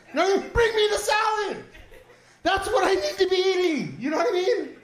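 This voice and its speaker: A man's voice: extremely high pitch, sing-song, brisk, a bit bright, reverberant. A man in his forties doing a stand-up set in a small comedy studio, rambling, profane, and acting out the voices he quotes. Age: 40s.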